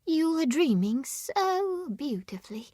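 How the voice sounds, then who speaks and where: A woman voicing a calm woman of a cave who speaks softly and hushed. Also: sits high, slow pace, dry recording, clean studio sound, voice pushed up, full character voice. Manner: soft, hushed.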